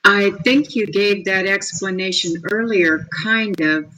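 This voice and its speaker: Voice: mid-range voice, unhurried, pushed and bright, poor audio. A student translating a text aloud in a lesson, careful and hesitant.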